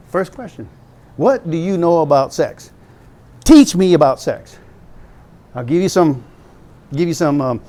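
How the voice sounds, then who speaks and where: A pastor in his fifties talks to young people with an animated, teasing style. His voice sits fairly high for a man and jumps around as he tells stories. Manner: animated, joking, conversational storytelling.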